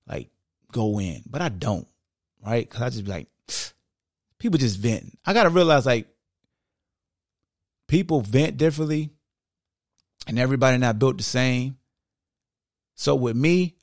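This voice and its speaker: On a dry, clean studio recording, a man with a fairly low voice hosts a sports podcast. His monologue is casual and emphatic, and he keeps throwing in "like" and "y'all" as he talks conversationally.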